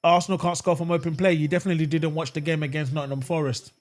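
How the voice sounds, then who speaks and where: A man's voice: fairly high pitch, very fast. A man hosting a live watchalong of a football match, chatting with viewers and erupting at the referee. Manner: animated, swings between calm chat and outraged shouting at the referee; reads and answers viewer comments. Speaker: fan channel host.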